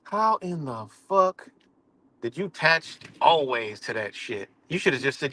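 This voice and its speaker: A man's voice: medium pitch, lively intonation, measured pace, sharp tone. Heated, swearing man ranting live. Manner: profane, confrontational, repetitive. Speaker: streamer. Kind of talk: heated live-stream rant.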